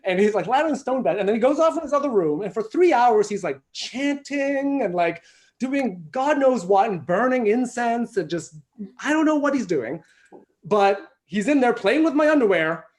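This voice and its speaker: A man doing stand-up comedy over a video call from home, telling a story in an animated, self-mocking way and swearing freely. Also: very high voice, moderate pace.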